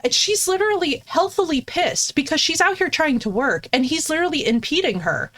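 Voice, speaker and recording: A woman's voice: high voice, animated, a little fast, a bit bright. A woman streaming a game, ranting casually and profanely while answering her chat. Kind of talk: casual live-stream commentary.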